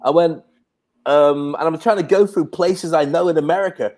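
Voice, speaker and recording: A man's voice: fairly high pitch, moderate pace, darkish tone. A British man co-hosting a casual talk, chatty and self-deprecating. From Britain. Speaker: co-host. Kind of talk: casual conversation.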